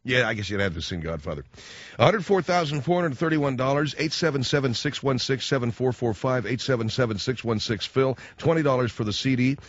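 A man's voice: mid-range voice, lively intonation, fairly quick, dry recording. A man hosting a radio talk show, rambling and joking as he acts out little scenes in other voices. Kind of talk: comic radio monologue. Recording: dull, dry studio radio sound.

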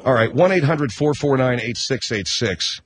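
A man's voice: medium pitch, animated, normal speed, a little hiss or hum. Hesitant, apologetic radio host man. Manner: hesitant, apologetic, full of ums and restarts. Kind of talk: talk radio hosting.

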